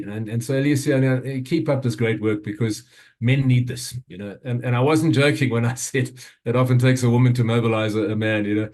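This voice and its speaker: A South African man in his fifties, speaking at a summit and sharing a personal story in an earnest, halting way, with frequent restarts and fillers. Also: medium pitch, a little mellow.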